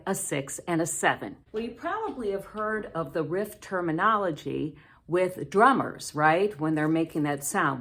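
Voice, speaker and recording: A woman teaching tap dance in a step-by-step tutorial, counting out the steps in rhythm as she dances. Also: fairly low pitch. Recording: roomy, distant camera audio with loud tapping. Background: tap shoe clicks.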